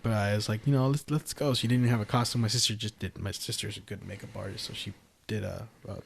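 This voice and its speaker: A man's voice: on the low side, steady tone, quick pace, vocal fry, slight background noise. A man from the San Francisco Bay Area telling a story on a casual podcast, rambling with frequent restarts. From San Francisco Bay Area, California.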